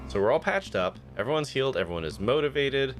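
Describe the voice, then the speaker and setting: A man's voice: mid-range voice, very animated, quick pace. A man streaming a video game live, chatting with his viewers and reading the game's story text aloud into a desk microphone. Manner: chatty, laughs easily, talks to chat and party. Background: game music.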